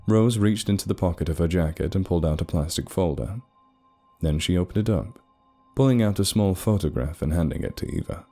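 A deep, mellow male voice tells a dark story. He reads at a measured, dramatic pace. Faint background music plays beneath him. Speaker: narrator. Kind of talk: scripted story narration.

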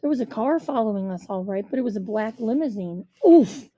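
A woman reading a first-person children's storybook aloud in a measured storytelling manner. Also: medium pitch, lively intonation, warm tone. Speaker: audiobook reader.

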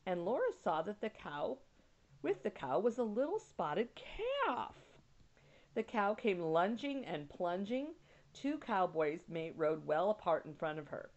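Woman teacher reading a chapter book out loud, low voice, stops to explain words, muffled lo-fi sound. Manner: pauses to explain words with casual asides. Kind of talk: reading a children's novel aloud. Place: at home. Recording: dull lo-fi recording.

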